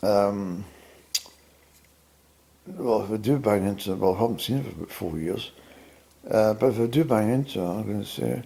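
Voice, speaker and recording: Gravelly, mellow-voiced Scottish man musing at home. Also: on the low side. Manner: wry, musing, halting with many fillers. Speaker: vlogger. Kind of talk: rambling solo monologue.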